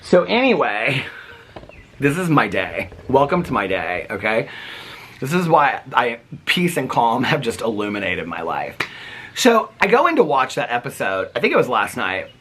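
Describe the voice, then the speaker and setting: Vlogging from home, a middle-aged man chats excitably and at length, now and then breaking off to talk about animals in the yard. His voice is mid-range and breathy-edged, at a moderate pace.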